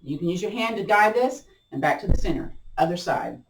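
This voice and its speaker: A woman instructor leading a gentle chair yoga class, chatty and playful, often laughing and encouraging. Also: on the low side, lively intonation, fairly quick, far from the mic, a little hiss or hum. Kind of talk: guided exercise class. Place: room at home. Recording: roomy sound from off-mic.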